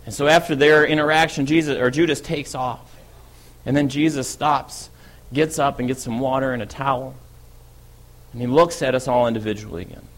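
A man giving a first-person dramatic monologue as the apostle Peter, an impulsive and eager disciple, telling his story in a lively way that speeds up and swells when he gets excited. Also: medium pitch, normal speed, natural voice.

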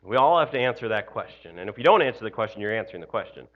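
A man's voice: fairly low pitch, big pitch swings, racing, highs cut off. A male pastor giving an Easter morning sermon in a loose, conversational way, often adding "you know" and "right?". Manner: conversational, frequent "you know" and "right?", self-deprecating laughs.

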